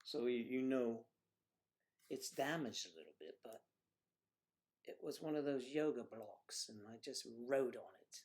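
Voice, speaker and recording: A man's voice: medium pitch, lively intonation, measured pace, pauses often, a little mellow. A man hosts a casual livestream and rambles from one joke to the next. His manner is playful and loose, like someone chatting off the cuff with viewers. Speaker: livestream host.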